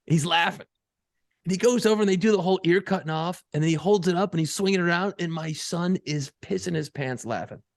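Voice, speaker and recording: Male podcast co-host, 40s, gravelly, profane, animated storyteller, dry close sound. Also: high-pitched, a little fast, dry recording. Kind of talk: casual chat.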